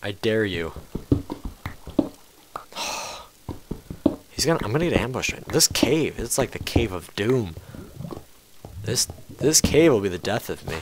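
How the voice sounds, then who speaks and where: A man giving casual commentary over a game he is playing, jumpy and quick to swear and scold the game aloud. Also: medium pitch, big pitch swings, noisy background. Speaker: let's play host.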